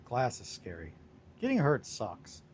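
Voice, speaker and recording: A man's voice: mid-range voice, huge pitch swings, measured pace, a little mellow, slight background noise. A young man casually chatting with viewers on a livestream while he works on a hobby project, joking around and reading chat aloud. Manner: laid-back, joking, reads chat aloud.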